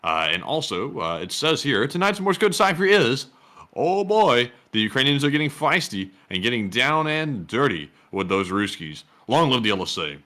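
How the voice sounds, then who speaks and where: A male co-host at mid pitch, reading viewer messages briskly and plainly. His voice is bright and forceful, with a lively, varied melody.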